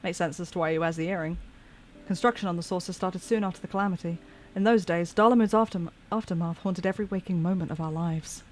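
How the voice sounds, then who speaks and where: A woman's voice: lowish voice, fairly even intonation, fast, slight background noise, natural voice. A woman reading as a chatty reminiscing workman. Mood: fond. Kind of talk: reading game dialogue aloud.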